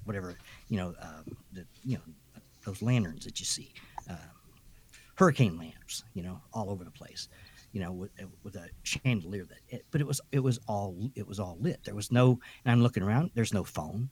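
A man's voice: fairly low pitch, moderate pace, a little hiss or hum. A man on a podcast telling a ghost story in a rambling, casual way, full of restarts and asides. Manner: chatty, animated storytelling. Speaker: podcast co-host.

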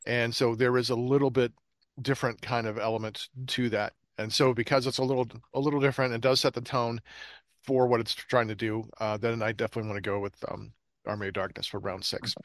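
A man's voice: medium pitch, flat delivery, fairly quick, no room sound, clean studio sound. A man hosting a casual movie podcast, talking loosely with many restarts. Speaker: podcast host. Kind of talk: casual chat.

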